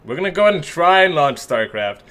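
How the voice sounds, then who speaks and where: A man's voice: a little high, big pitch swings, fast, a bit bright. A man casting a live esports match and talking to his stream viewers, chatty and joking at his own expense. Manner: joking, self-mocking, chatty.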